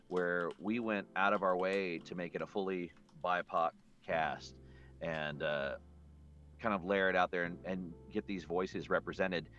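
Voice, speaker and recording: A man voice director chatting casually on a panel, relaxed and rambling. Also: low-pitched. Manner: relaxed, rambling, animated when telling stories. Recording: dull lo-fi audio.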